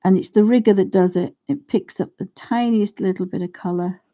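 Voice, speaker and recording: A woman's voice: mid-range voice, fairly quick, dark tone, dull audio. A woman teaching watercolour on a casual live stream, chatting and thinking aloud to her viewers as she paints. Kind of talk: casual live craft demonstration.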